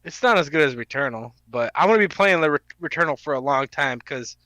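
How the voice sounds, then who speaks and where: A man's voice: a little high, quick pace, no room sound, low-quality recording. A man co-hosting a podcast, telling jokey gaming stories in casual banter. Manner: animated, jokey storytelling. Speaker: podcast co-host.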